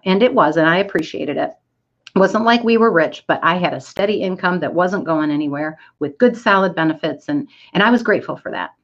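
A woman's voice: lowish voice, dull audio. A middle-aged woman giving an inspirational storytelling talk to an online audience, candid and self-deprecating.

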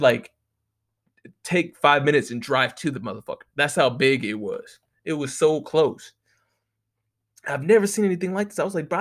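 A young man talking casually to the camera in a rambling, profane monologue, often laughing. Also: a little high. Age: young adult. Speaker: vlogger.

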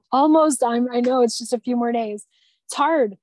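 A woman's voice: on the high side, a little slow, darkish tone, dry recording. A woman sharing personal experiences in a conversation, talking in an earnest, tender way with frequent restarts. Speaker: guest.

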